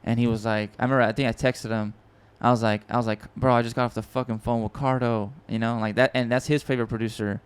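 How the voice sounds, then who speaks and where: Excitable, rambling man with a smooth voice. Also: medium pitch, quick pace, hardly any pauses. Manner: excitable, rambling, swears often, many restarts. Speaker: podcast host and music producer. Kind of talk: casual storytelling chat.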